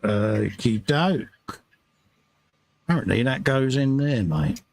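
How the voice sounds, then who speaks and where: A man's voice: medium pitch, animated, slow, gravelly, a little mellow, a little hiss or hum. A man chatting casually and joking with his co-host while talking through each step of building a model kit.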